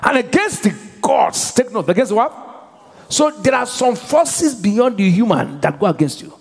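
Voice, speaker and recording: Pastor preaching in a big hall. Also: male voice, very high voice, very animated, a little slow, breathy edge. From Nigeria. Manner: call-and-response preaching, rising to shouted prayer. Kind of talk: sermon. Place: large church hall. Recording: live church hall reverb.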